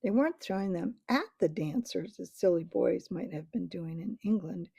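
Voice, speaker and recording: A woman reading a storybook aloud in a gentle, measured way. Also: lowish voice, expressive, vocal fry, slightly rough, no echo. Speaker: audiobook reader.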